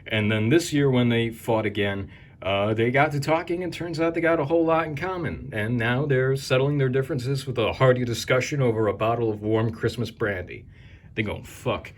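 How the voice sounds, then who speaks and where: A man with a mid-range voice talks a little fast while hosting a video. He narrates a casual show-and-tell tour full of crude, wisecracking jokes and rambling asides.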